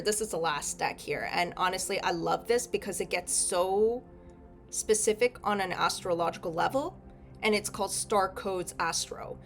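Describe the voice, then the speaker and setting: A woman's voice: medium pitch, lively intonation, normal speed, soft background music. Chatty young woman reading tarot. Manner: chatty, rambling, frequent self-corrections and "okay?". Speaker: tarot reader. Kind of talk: casual tarot reading to camera.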